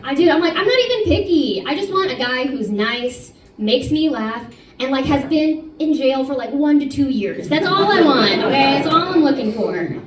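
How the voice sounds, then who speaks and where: High-voiced woman comedian on stage. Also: moderate pace. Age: 30s. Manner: animated, self-mocking, chatty with the crowd. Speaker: stand-up comedian. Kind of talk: stand-up comedy set. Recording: roomy club sound from a distance. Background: audience laughter.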